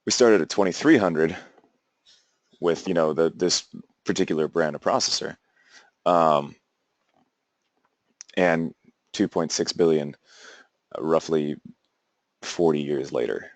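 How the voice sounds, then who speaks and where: A young man with a very low voice gives a classroom lecture, wandering through his points with plenty of "uh"s and false starts. The sound is dry and close, with little room around it. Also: slow pace, pauses often, no echo. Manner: rambling, many fillers and restarts. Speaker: teacher.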